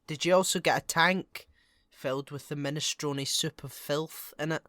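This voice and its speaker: A man co-hosting a podcast, chatting playfully with quick jokey asides. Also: on the high side, fairly even intonation, bright, forceful tone, no room sound. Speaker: podcast co-host. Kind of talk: casual chat.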